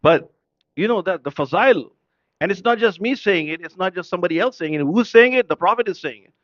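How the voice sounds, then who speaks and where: A man's voice: sits high, animated, a little fast, no echo, dull audio. A man preaching an impassioned sermon at a mourning gathering. He fires off rhetorical questions and switches between English and Urdu.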